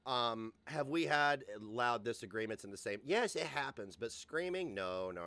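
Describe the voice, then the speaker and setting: A man's voice: mid-range voice, expressive, moderate pace, pushed and bright. A man hosting a stream, giving sarcastic, mocking, profane commentary on video clips. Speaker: host.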